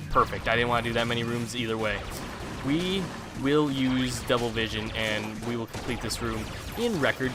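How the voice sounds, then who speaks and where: Chatty man narrating his gameplay. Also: mid-range voice. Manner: chatty, rambling talker. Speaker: let's play host. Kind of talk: live gameplay commentary. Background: game music and gunfire.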